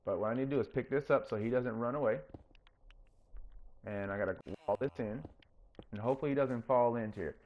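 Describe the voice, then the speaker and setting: A man hosting his own gaming channel, chatting casually through his gameplay and getting openly excited when things work. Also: a little fast, pauses often, dull audio. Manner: coaxes the game character in a higher, playful voice.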